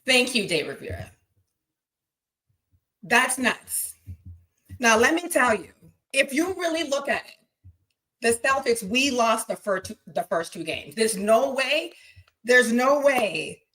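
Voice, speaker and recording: A young woman hosts a casual sports podcast, talking straight to her live chat. She is excitable and blunt, swears freely, and her voice sits a little high. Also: slow pace, pauses often, low-quality recording. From Boston. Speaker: podcast host.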